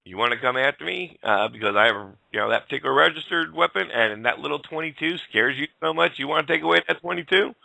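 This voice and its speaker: Gravelly ranting talk-show man. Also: medium pitch, animated, fast, hardly any pauses, sharp tone, dry recording, poor audio. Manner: ranting, blunt, fiery. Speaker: show host. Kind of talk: heated political talk.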